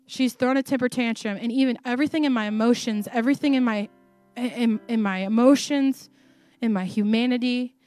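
A woman with a fairly high voice leads a sermon and prayer in a slow, soft cadence, repeating her phrases. Faint music plays under her dry, close voice. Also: dry recording.

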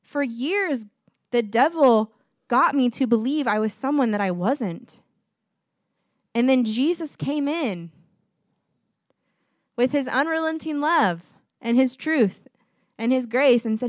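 A woman preaching in a casual, heartfelt way, her voice a little higher than most. She talks straight to her listeners and slips into quick quoted exchanges. The sound is dry and close, with no room echo. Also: expressive. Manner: conversational, earnest, quotes voices in dialogue. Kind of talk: informal sermon.

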